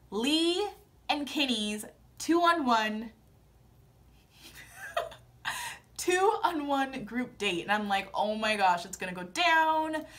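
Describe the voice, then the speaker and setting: A woman vlogger giving a casual, gossipy recap of a TV episode and telling it with animated storytelling. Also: a little high.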